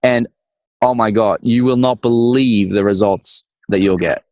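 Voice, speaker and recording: A man speaking as a guest in a conversation, telling stories in a playful, animated way and acting out little scenes. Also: on the low side, measured pace, dry recording. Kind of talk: conversational storytelling.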